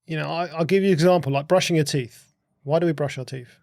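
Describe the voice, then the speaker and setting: Man, gravelly voice, podcast guest, asks rhetorical questions, dry close sound. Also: a little high, fast talker, a little mellow, dry recording. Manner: explains through rhetorical questions, repeats words while thinking. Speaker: podcast guest, host's husband. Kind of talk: casual conversational explaining.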